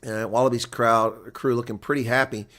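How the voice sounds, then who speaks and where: A man doing live play-by-play and reaction for a rugby match, who builds to shouting on big plays, then drops to relaxed, chatty talk and replies to viewer chat. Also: mid-range voice, normal speed. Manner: reads out and answers viewer chat.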